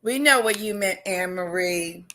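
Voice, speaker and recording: Loud, excitable woman hosting a livestream. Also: on the low side, measured pace, a little hiss or hum. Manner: loud and excitable, greets viewers by name. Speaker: livestream host. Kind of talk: casual livestream chat.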